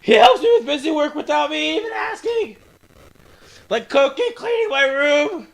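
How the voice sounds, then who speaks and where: A man's voice: very high voice, lively intonation, moderate pace, vocal fry, voice pushed up, exaggerated voice. A man voicing a cheerful, clumsy teenage girl who gushes in a bouncy way. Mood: bubbly. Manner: bouncy and gushing.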